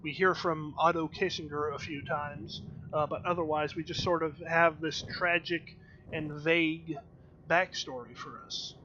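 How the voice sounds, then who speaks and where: A man's voice: fairly high pitch, steady tone, a little slow, pushed and bright, lo-fi sound, slight background noise. A man talking through a video game as he plays, chatty and wry, with lots of ums and uhs. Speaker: streamer. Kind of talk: let's play commentary.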